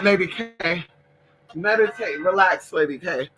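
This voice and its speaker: Chatty bright-voiced man, playful drawl. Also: fairly high pitch, lively intonation, unhurried, soft background music, low-quality recording. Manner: chatty and playful, talks to pets and viewers. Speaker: vlogger doing a live stream. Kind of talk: casual live chat with viewers.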